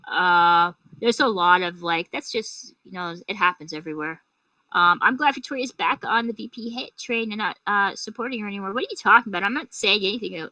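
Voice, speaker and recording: A Canadian woman chatting casually on a live stream. She swears a lot and keeps saying "dude". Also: medium pitch. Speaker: livestreamer. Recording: distant mic under loud music.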